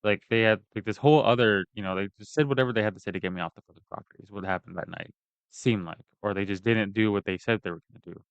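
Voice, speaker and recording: Guy ranting about his night, cussing a lot, lowish voice, muffled dry sound. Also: quick pace, clear, resonant tone, no echo. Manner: profane, rambling, agitated. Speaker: vlogger giving a personal account. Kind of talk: casual ranting monologue. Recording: dull lo-fi dry recording.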